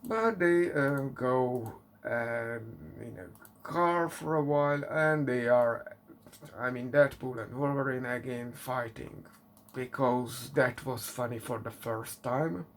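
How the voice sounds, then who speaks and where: A man reviewing a movie in English, often asking exasperated rhetorical questions and filling pauses with fillers. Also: mid-range voice. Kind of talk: casual spoken movie review.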